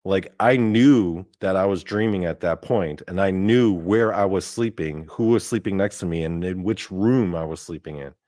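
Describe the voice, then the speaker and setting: Young male host, low-pitched, loose rambling storyteller who swears and fills every pause with "like". Dry and close. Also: warm tone, no echo. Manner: rambling, full of "like" fillers and cursing. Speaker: podcast host. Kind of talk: casual storytelling.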